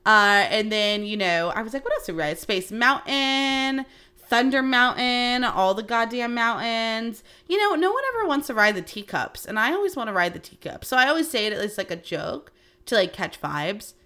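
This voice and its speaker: A woman around thirty chats on her podcast in a lively, unfiltered way, with plenty of cursing as she tells her stories. Her voice sits a little high and rings bright and forceful. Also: normal speed, clear, resonant tone. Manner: animated, swearing freely, chatty. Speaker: podcast host. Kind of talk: casual storytelling chat.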